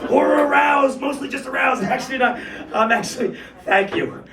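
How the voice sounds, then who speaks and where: High-voiced ranting comedian man in his thirties. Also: moderate pace, reverberant, far from the mic, crowd noise. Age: 30s. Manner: rants and shouts in bursts, laughing, profane. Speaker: stand-up comedian. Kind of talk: stand-up comedy set.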